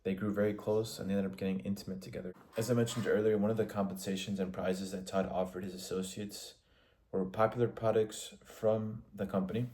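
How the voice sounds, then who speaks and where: Low, flat-voiced man analyzing a film. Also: a little hiss or hum. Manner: measured, in short phrases with restarts. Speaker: student. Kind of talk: spoken film analysis for a class assignment.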